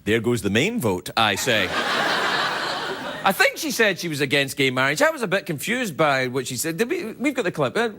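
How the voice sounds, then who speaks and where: Lively high-voiced man, comic monologue. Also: normal speed. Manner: jokey, animated, self-mocking asides. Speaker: late-night talk show host. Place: TV studio with live audience. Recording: loud studio audience laughter and noise.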